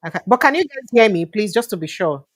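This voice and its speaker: A fast-talking woman with an animated mid-range voice and a Nigerian accent hosts a livestream interview. She keeps it chatty and informal, filling pauses with filler sounds as she moves between Pidgin and English.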